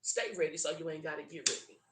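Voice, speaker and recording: A woman's voice: sits low, level tone, fast talker, reverberant, heavy background noise. A woman with a South Louisiana Southern drawl giving a blunt, profane, preachy tarot reading. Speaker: tarot reader. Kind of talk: solo tarot reading monologue.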